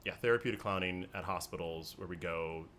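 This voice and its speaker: A man talking as a podcast guest about his work as a hospital clown, chatty and animated, laughing often as he tells stories. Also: sits low, fairly quick, a little hiss or hum. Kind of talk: casual conversational storytelling.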